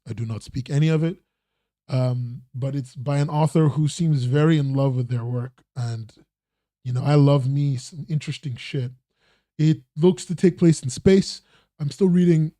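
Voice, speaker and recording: Guy rambling thru his webcomics podcast stream, kinda high for a man, mellow, swears a lot. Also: dry recording, clean studio sound. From not American. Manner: rambling, self-interrupting, swears casually. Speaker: podcast host. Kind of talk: casual livestream news roundup.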